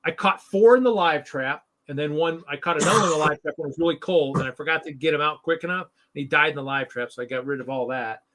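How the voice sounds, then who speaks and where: A man's voice: on the high side, fast, few pauses, a bit bright. A man hosting a live hobby stream in casual chat, ranting in an exasperated, sarcastic way and often repeating himself.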